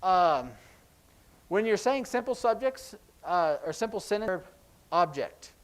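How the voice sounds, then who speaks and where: A man's voice: sits high, expressive, measured pace, poor audio. A man teaching a sign language class at church, chatty and rambling with jokey asides.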